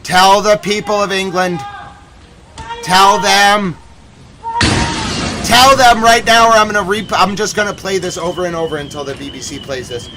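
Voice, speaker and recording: A man hosting a live stream on breaking news, talking urgently and breaking into agitated, shouted outbursts. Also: high voice, fairly even intonation, fast talker, few pauses, background noise. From United States. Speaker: livestream host covering breaking news.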